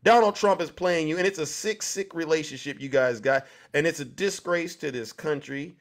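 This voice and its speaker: A man's voice: a little high, moderate pace. A male show host delivering a mocking monologue, firing rhetorical questions at his audience.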